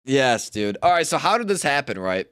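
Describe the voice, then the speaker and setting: A man's voice: medium pitch, very animated, moderate pace, fairly bright tone, clean tone, dry recording, clean studio sound. A young man streaming live, telling rambling, slangy stories and swearing often. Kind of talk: casual storytelling on a livestream.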